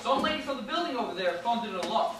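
A man's voice: very high-pitched, lively intonation, very fast, heavy background noise. A young man playing a nervous, blustering city policeman in a school stage play. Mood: flustered. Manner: blustering, flustered, rambling. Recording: echoey stage from far off.

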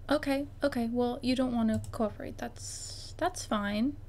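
A woman's voice: a little high, measured pace, hardly any pauses, mellow, slight background noise. A young woman chatting casually while playing a life-sim game, bubbly and exclaiming, often talking straight to the objects on screen. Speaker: gaming YouTuber. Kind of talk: casual gameplay commentary.

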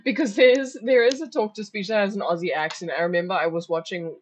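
A young woman streaming, chatting excitedly and joking as she reacts to videos. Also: medium pitch, quick pace. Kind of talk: casual reaction commentary.

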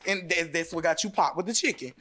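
A man with a high voice argues his side on a livestream mock courtroom show. He is defensive and insistent, and he keeps circling back to the same points. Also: fast, bright, forceful tone, soft background music. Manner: insistent, defensive, repeating himself. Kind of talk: heated livestream argument.

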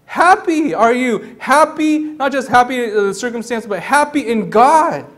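High-pitched guy preaching, chatty and lively, keeps repeating himself, does little voices for the people in the story. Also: a little slow. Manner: animated, repeats words, acts out quoted voices. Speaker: pastor. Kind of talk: sermon.

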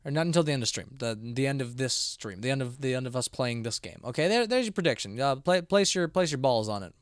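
Speaking fast and with animation in a mid-range voice, this man livestreams a horror game, drowsily yawning as he rambles to his chat and to himself. The audio is studio quality with no room sound, and the talk is casual game commentary.

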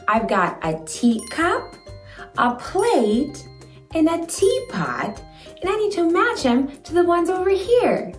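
A woman hosting a toddler learning video, speaking in a sing-song, encouraging way with slow, clear words, in an echoey room with faint music. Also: high-pitched, fairly bright tone. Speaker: children's show host.

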